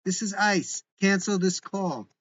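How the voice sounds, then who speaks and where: A man's voice: mid-range voice, expressive, normal speed, lightly acted. A brusque, formal federal agent, voiced by a man. He gives orders in clipped, stiff phrases. The recording is muffled and lo-fi.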